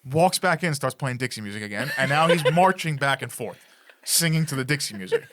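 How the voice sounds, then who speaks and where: A man's voice: medium pitch, fairly quick, noisy background. A man on a podcast telling a funny story in casual chat, laughing as he goes. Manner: animated, laughs through his story. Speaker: podcast co-host.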